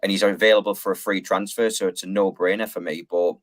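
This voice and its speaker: A man's voice: sits low, steady tone, fast talker. A man, a guest pundit, giving casual, rambling football opinions with plenty of fillers.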